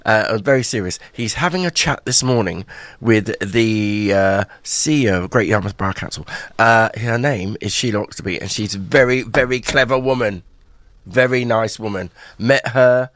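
A man's voice: fairly low pitch, normal speed, fairly bright tone, dry recording. A man hosting a local radio breakfast show in a studio, chatty and jokey, laughing often. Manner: jokey, laughs a lot, rambling. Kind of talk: chatty live radio talk.

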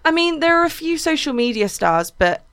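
A woman's voice: high voice, sing-song, moderate pace, fairly bright tone. Bubbly young female radio co-host. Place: radio studio.

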